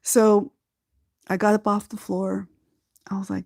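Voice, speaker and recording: A woman from Southern California hosting a podcast, telling a personal story slowly and from the heart, often breaking into laughter. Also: medium pitch, flat delivery, gravelly, a little mellow, no room sound, studio quality. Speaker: podcast host.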